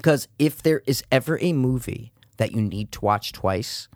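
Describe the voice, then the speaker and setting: Animated young man recapping a movie. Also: normal speed, no room sound, clean studio sound. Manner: animated, acts out quotes in high voices, swears freely. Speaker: podcast co-host. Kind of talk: casual movie recap chat.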